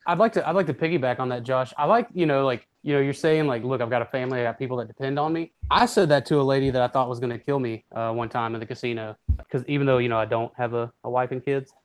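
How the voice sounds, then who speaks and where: Co-host: quick, rambling man, mid-pitched, loose and filler-heavy chat. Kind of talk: casual chat.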